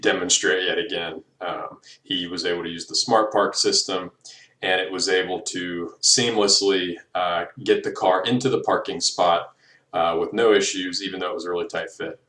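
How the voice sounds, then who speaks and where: A man's voice: low voice, steady tone, normal speed, pushed and bright, distant mic. A young man recording a class presentation, hesitant, with many ums and uhs. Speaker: student presenter. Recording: echoey room, voice from afar.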